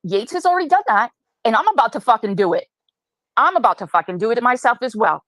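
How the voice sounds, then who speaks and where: A woman with a fairly high voice accuses a caller on a live stream. She swears and presses him hard. The sound is close and dry. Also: lively intonation, fast, a bit bright, no echo. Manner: profane, accusatory. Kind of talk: heated live stream argument.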